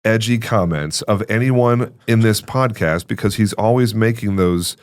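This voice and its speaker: A man hosting a podcast in a studio, joking and teasing in quick banter. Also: lowish voice. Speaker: podcast host. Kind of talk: casual chat.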